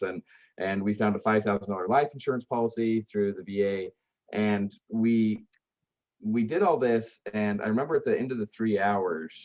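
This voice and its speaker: A man's voice: fairly low pitch, a little mellow. A man being interviewed on a podcast, telling earnest stories about helping grieving families, with many fillers and restarts. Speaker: guest, aftercare service founder. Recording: dull lo-fi sound.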